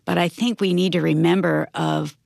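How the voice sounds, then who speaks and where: A woman's voice: lowish voice, fairly even intonation, moderate pace, vocal fry, darkish tone, dry recording, clean studio sound. A woman co-hosting a faith and marriage talk show, telling a story in a heartfelt way. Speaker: radio show co-host. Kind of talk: storytelling in conversation.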